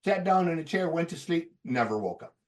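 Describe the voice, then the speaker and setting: A man telling stories on a podcast in a casual, profane, animated way. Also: fairly high pitch, fairly quick, distant mic. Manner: profane, animated storyteller who laughs as he talks.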